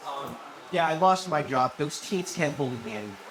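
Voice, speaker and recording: High-voiced, excitable young male comic. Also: brisk. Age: 20s. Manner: profane, rambling, laughs at own jokes. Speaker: stand-up comedian. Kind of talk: live stand-up set. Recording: noisy live venue recording.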